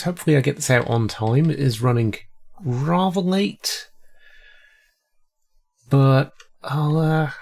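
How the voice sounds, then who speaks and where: A man's voice: mid-range voice, vocal fry, a little mellow. A man with a cold, chatting casually and rambling through his gameplay commentary as host. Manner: rambling, chatty, self-deprecating. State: sick with a cold. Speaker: let's play host.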